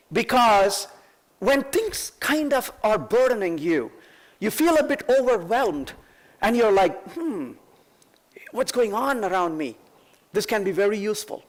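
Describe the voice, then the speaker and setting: Man, keynote speaker, very high pitch, conversational, rhetorical questions. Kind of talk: conference keynote. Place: conference stage before an audience.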